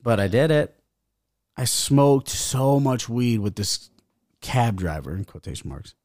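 A man's voice: medium pitch, animated, measured pace, darkish tone, no room sound, clean studio sound. A young adult man, a guest rapper, telling a rambling, profane story in casual talk. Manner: profane, rambling, laughs as he talks.

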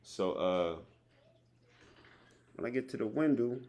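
A man's voice: medium pitch, lively intonation, slow pace, a little mellow. A man hosting a podcast, talking in a loose, slangy way and telling stories with repeated words. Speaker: podcast host. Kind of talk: casual conversation.

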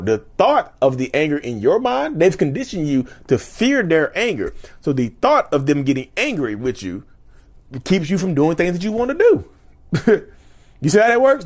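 A man's voice: on the high side, darkish tone. A man talking to camera in a casual monologue, repeating his points emphatically and laughing often. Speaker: vlogger.

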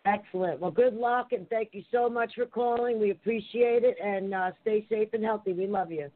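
Man, call-in co-host, brisk and cheerful, narrow lo-fi line. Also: high voice, no room sound. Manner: upbeat, brisk, thanks callers. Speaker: radio co-host. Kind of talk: casual call-in chat. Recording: phone-like narrow band.

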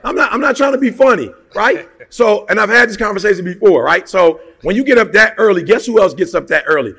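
A man's voice: high voice, animated, brisk, fairly bright tone, breathy edge. A man giving a motivational talk, emphatic and preachy, speaking directly to his listeners in casual slang.

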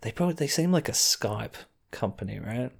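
A man's voice: medium pitch, lively intonation, a little fast, creaky, husky. An Australian man hosting a podcast, giving a casual, rambling wrestling recap full of chuckling asides. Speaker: podcast host.

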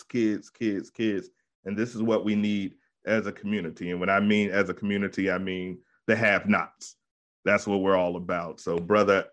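A man hosts a podcast and talks in a hyped-up, slangy way, cheering his guest on. His voice sits a little low, and he talks casually and with energy. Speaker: podcast host. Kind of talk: casual chat.

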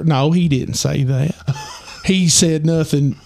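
A man telling a rambling personal story with lots of fillers, his voice getting hoarse. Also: a little high, slow pace, darkish tone, no echo. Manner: rambling, many fillers and restarts. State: losing his voice. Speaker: podcast host. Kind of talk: casual storytelling.

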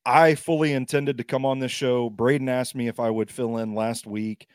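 A man's voice: medium pitch, steady tone, moderate pace, dry recording, clean studio sound. A man filling in as guest on a sports podcast, talking in a chatty, self-deprecating way while battling a cough. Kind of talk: casual sports talk.

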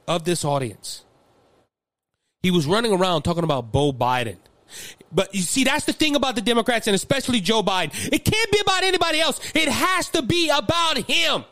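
A man's voice: extremely high pitch, bright, forceful tone, no echo. A man with a Louisiana accent hosting a political commentary show, impassioned and fiery, often repeating words as he builds steam. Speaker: podcast host.

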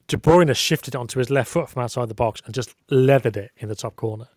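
A man's voice: medium pitch, fast talker, a little mellow, no echo, studio quality. A man chatting casually on a podcast, rambling and self-deprecating. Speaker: podcast co-host. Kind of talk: casual chat.

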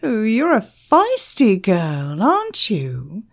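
A woman's voice: medium pitch, wildly swooping pitch, slow, vocal fry, pitched above the performer's own voice, heavily acted. A woman voicing a crude, aggressive male pub patron who sneers and leers. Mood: leering. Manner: sneering and leering.

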